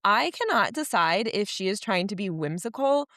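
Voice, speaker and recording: A woman chats through a book club episode as co-host, animated and full of quick asides. Her voice sits in a middle range. The recording is close and dry, with no room sound. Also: mid-range voice, dry recording. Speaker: podcast co-host. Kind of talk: casual book club chat.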